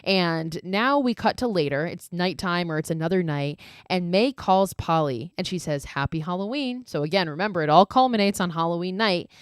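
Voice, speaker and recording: A woman hosting a podcast, casually retelling a horror movie scene by scene in an animated, profane way with frequent laughs. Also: on the low side, normal speed, few pauses, clean tone, dry recording, clean studio sound. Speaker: podcast host.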